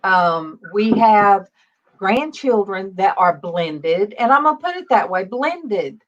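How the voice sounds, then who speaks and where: A woman's voice: medium pitch, expressive, slow. A woman in her fifties hosting a casual faith livestream, chatty and greeting viewers by name. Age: 50s. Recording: dull lo-fi stream audio.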